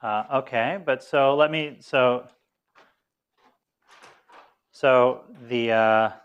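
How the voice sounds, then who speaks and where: A man lecturing on physics in a smooth, resonant voice at a middle pitch. He talks conversationally, restarting sentences and correcting himself as he goes, with a dry, self-deprecating humor. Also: drawn-out words, muffled recording. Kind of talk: live lecture.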